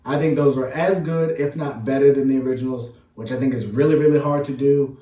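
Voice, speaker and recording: A man co-hosting a relaxed movie review, chatting playfully and leaning on long ums as he gathers his thoughts. He sounds a little off the mic, in a room with a noticeable echo. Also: medium pitch, distant mic. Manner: playful, drawn-out fillers. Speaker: podcast co-host. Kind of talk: casual movie review chat. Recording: roomy, mic set back.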